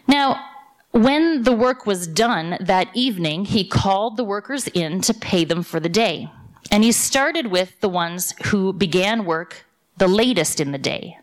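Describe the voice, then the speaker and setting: A woman delivers a sermon as a storyteller, retelling a parable with lively ups and downs in her voice. Her pitch sits in an ordinary middle range. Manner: lively storyteller, voicing characters in quotes. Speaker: preacher.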